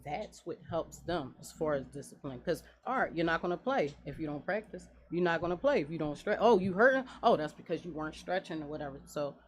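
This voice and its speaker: A woman in her forties, a guest business owner in a radio studio interview, talking in an earnest, animated way. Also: deep voice, a little fast, few pauses, a little hiss or hum. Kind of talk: casual interview talk.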